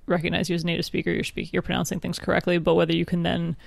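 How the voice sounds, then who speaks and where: A woman's voice: on the low side, completely flat delivery, rapid-fire, vocal fry, no echo. A woman co-hosting a podcast in casual chat, talkative, laughing often and trailing off with "like". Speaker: podcast co-host.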